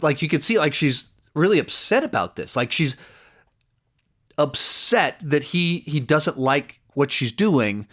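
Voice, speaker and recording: A man talks through a TV episode in a loose, rambling review, scattering "like" and "you know" everywhere. His voice sits a bit higher than most men's. Now and then he slips into the characters' lines as he retells the plot. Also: a bit bright. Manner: rambling recap full of "like" and "you know", acting out quoted lines. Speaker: TV series reviewer. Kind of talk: casual spoken episode review.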